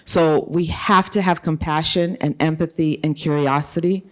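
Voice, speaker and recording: A woman's voice: deep voice, fairly even intonation, moderate pace. A middle-aged woman giving an earnest, emphatic conference talk as an author, telling a personal story. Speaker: author and speaker.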